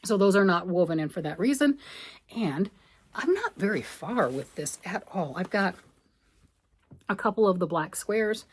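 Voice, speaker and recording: A woman casually chatting in a craft vlog as she sorts through her knitted and crocheted pieces, rambling and thinking out loud. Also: mid-range voice, lively intonation, normal speed, long pauses, slightly rough. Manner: chatty, rambling, talks to herself while sorting.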